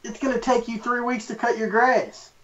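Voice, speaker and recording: A man's voice: extremely high pitch, fairly even intonation, normal speed. A man joining over a voice call, teasing and joking in casual banter. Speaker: co-host on a call. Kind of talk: casual chat. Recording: dull lo-fi voice-call line with faint hiss.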